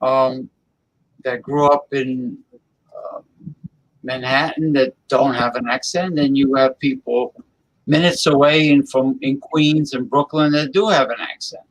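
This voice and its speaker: A man's voice: medium pitch, fairly even intonation, measured pace, poor audio. A man co-hosting a casual talk show, rambling with lots of fillers and restarts. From New Jersey. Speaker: co-host. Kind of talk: casual chat.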